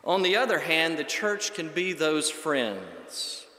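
Male preacher, fairly high bright voice, measured emphatic sermon delivery, roomy echo. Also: sing-song. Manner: measured, emphatic, builds lists. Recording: echoey hall with long reverb.

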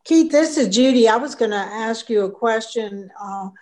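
A woman's voice: a little high, expressive, moderate pace, a little mellow. Polite woman asking a question. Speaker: caller. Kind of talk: call-in question.

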